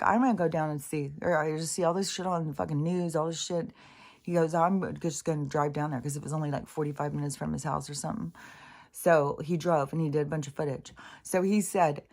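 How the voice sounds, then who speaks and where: A woman vlogger in an exasperated, profane ranting monologue, swearing often and mocking other people's voices. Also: on the low side.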